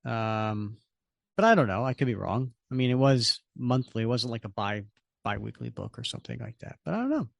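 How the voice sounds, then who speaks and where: A man co-hosting a podcast, recapping a comic and chatting casually, animated and often hedging. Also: mid-range voice, fairly quick, creaky, no echo, dull audio. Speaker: podcast co-host.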